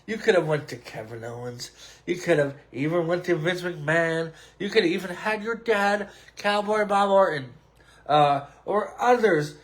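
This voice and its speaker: A male podcast host in casual sports and wrestling talk, hoarse with a cracking voice, animated and stretching words for drama. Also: sits high, moderate pace. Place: home room at a computer. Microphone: desk microphone.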